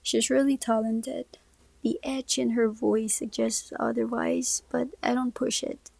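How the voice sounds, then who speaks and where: A woman reading a first-person novel aloud, soft-spoken and often sinking to a whisper, close to the mic. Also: fairly high pitch, little pitch movement, a little slow, vocal fry, husky, no echo, poor audio. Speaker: audiobook reader.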